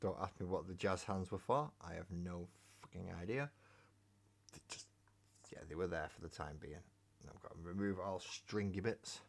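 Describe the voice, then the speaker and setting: Low-voiced man chatting while he paints. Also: normal speed, vocal fry. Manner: rambling, joking, swears freely. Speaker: hobby streamer. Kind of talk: casual live-stream chat while painting miniatures. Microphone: webcam mic.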